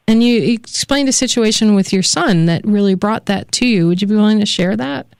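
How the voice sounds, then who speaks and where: A woman's voice: medium pitch, a little fast, gravelly, hardly any pauses, a little mellow, clear, resonant tone, no echo. Upbeat woman radio host, dry close mic. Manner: upbeat, enthusiastic host patter. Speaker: radio talk show host. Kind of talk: live radio interview.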